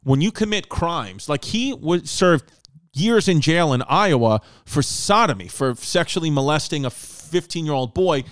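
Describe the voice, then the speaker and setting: Rambling, slightly high-voiced man. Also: animated, measured pace, no echo, studio quality. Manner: rambling storytelling with many fillers and restarts. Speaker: podcast host. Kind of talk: casual chat.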